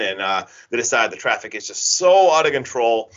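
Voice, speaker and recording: A man casually retelling a horror film's plot on a podcast, rambling and animated with lots of filler words. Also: medium pitch, a little fast. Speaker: podcast co-host recapping a horror film. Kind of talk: casual chat. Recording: dull lo-fi podcast audio.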